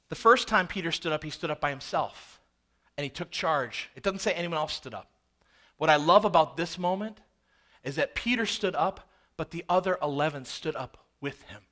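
A male pastor preaching a sermon in a conversational, storytelling way, swinging between loud emphasis and hushed asides. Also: high voice. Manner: conversational and storytelling, acts out scenes.

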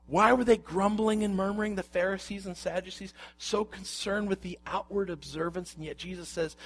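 A man's voice: high voice, fairly even intonation, normal speed, hardly any pauses, a little hiss or hum. A man preaching a sermon, reading scripture aloud and explaining it with rhetorical questions. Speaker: pastor.

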